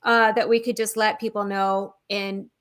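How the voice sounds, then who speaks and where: A woman co-hosting a casual spiritual chat, telling stories in a chatty, animated way. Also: mid-range voice, normal speed, clean tone. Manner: chatty storyteller, animated, laughs often. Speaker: show co-host.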